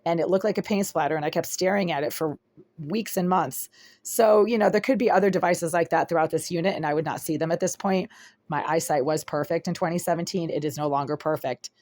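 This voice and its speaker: A woman records a complaint vlog on her phone inside a small apartment, her voice sitting low. She talks insistently, circling back and stacking descriptor after descriptor. The sound is dry and close, with little room echo. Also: fairly quick, a little mellow. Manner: insistent, repetitive, piling up descriptors. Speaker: vlogger filming her apartment. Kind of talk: agitated first-person complaint vlog.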